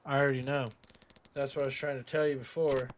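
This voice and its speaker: A man voicing a worried young orphan boy while reading game subtitles aloud, over a steady hiss. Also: medium pitch, fast talker, lightly acted. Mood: uneasy.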